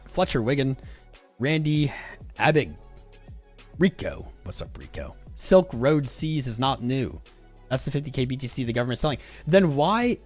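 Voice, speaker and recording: A man hosting a crypto live stream in a loose, joking way, firing off quick shout-outs with sudden jumps in pace and loudness. His voice sits at an ordinary middle pitch. Soft music plays faintly behind him. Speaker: crypto livestream host. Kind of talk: casual live-stream chat reading out viewer names.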